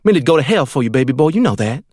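A man's voice: medium pitch, very animated, very fast, darkish tone, no echo, studio quality, pitched above the performer's own voice. A man voicing a clingy, doting woman who coos and pleads, in an audiobook reading. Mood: coaxing. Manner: cooing, pleading, baby talk.

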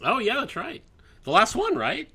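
A man's voice: very high-pitched, huge pitch swings, moderate pace, crowd noise. A man co-hosting a casual podcast chat, joking and teasing. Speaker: podcast co-host.

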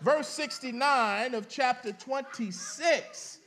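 High-voiced man preaching with bursts of shouting. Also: lively intonation, unhurried. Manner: preaching with dramatic rises and shouts, reading scripture aloud; colloquial, addresses the congregation directly. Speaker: pastor. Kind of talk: sermon.

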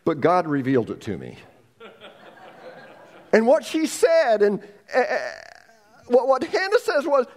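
Animated male pastor preaching in a hall. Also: on the high side, moderate pace. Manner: animated storytelling with humorous asides. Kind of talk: sermon.

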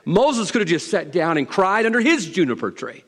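Animated Southern preacher in an echoing hall. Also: male voice, high-pitched, moderate pace. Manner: folksy, teasing, emphatic preaching with repeated lines. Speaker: pastor. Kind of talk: sermon. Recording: long reverb of a hall.

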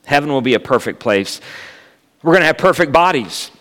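A man's voice: a little high, lively intonation, fairly quick, a bit bright. Joking male preacher in a reverberant church. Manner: humorous, storytelling, jokes with the congregation. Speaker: guest preacher. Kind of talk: sermon. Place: church sanctuary.

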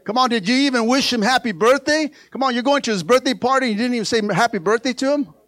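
High-voiced man preaching. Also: fast, a bit bright, no room sound. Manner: playful, call-and-response preaching; acts out quoted prayers and dialogue. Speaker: pastor. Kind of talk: sermon.

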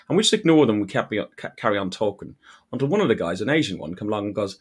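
A man from Ireland hosts a casual fan chat, his voice sitting fairly low. He tells stories at an easy, chatty clip, often stumbling and restarting mid-sentence. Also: big pitch swings, racing, a bit bright, husky. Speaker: podcast host.

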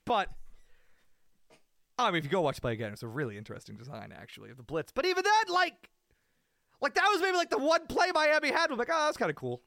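A man's voice: extremely high pitch, expressive, quick pace, gravelly, pauses often, pushed and bright, no echo, clean studio sound. A man co-hosting a sports podcast, ranting in a rambling, self-mocking way. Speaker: podcast co-host. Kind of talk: casual sports talk.

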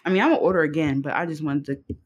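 Husky woman cohost, laughs a lot, swears, tells stories all animated. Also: deep voice, very fast, highs cut off. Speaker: podcast co-host. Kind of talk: casual chat.

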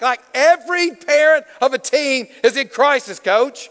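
A man's voice: extremely high pitch, unhurried, hardly any pauses, fairly bright tone, big-room sound. A man preaching to a congregation as a guest speaker, playful and engaging, questioning the crowd and drawing responses. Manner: playful, calls on the congregation, Southern "y'all". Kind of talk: lively interactive sermon. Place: church.

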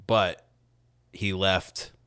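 A young man talks in a very low, deep register, hosting a casual podcast chat. He recaps a show loosely, swearing often and quoting characters. The sound is dry and close. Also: level tone, very slow, pushed and bright, clear, resonant tone, no echo. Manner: profane, rambling recap with quoted impressions. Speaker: podcast host.

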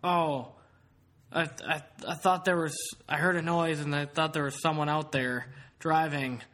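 A man's voice: on the high side, measured pace. A man voicing a rude, jumpy drunk young man in his own retelling of a night out. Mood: excited. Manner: blurting, excited.

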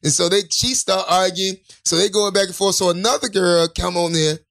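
A man telling a wild story in casual chat, acting out the people in it with shouted quotes and laughs. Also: high-pitched, steady tone, brisk, vocal fry. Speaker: podcast co-host telling a story. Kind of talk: animated storytelling with acted-out quotes.

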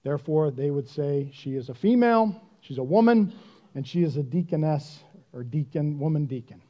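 A man preaching a sermon in a conversational, self-deprecating and animated way. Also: a little high, moderate pace, lo-fi sound. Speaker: pastor.

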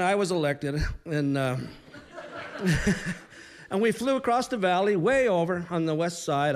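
A man in his sixties telling a humorous story live to an audience, conversational with pauses and restarts. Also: fairly high pitch.

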